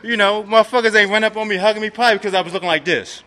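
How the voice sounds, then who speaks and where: A man's voice: high-pitched, very fast, sharp tone, in a large hall. A man from Maryland giving a personal recovery testimony, streetwise and profane, filling his talk with "man". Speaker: recovery speaker.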